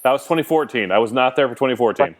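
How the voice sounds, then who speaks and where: A man hosts a relaxed call-in podcast and keeps the conversation moving with quick, curious questions. He talks at a fast clip in a middle-range voice. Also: medium pitch. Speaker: podcast host. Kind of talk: casual call-in chat.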